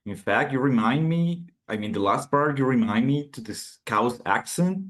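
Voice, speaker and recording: A man's voice: medium pitch, expressive, normal speed. A man moderating a conference session, politely and formally thanking the speaker.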